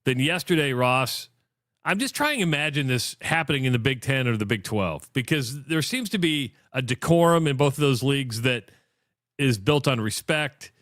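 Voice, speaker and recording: A man's voice: mid-range voice, animated, normal speed, a bit bright, no room sound, studio quality. A man co-hosting a sports talk radio show, giving fired-up, opinionated commentary and retelling stories.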